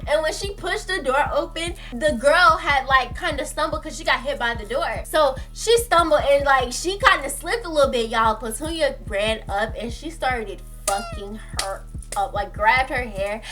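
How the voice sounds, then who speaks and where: A woman vlogger telling a story in a casual, slangy, animated way, swearing freely. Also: high-pitched.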